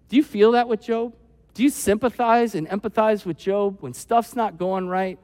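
A man delivers a sermon from the pulpit, his voice pitched high and light. He talks casually, sprinkling in asides and bringing quoted people to life. The big room carries a long, lingering reverb after each phrase. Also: moderate pace. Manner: animated, acts out quoted voices; conversational, with frequent "like" asides. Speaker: pastor.

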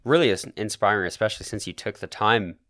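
A man's voice: on the low side, fast talker, bright, forceful tone, dry recording, clean studio sound. A man hosting a comedy podcast, feeding absurd claims in an earnest, mock-serious way. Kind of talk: improvised comedy chat.

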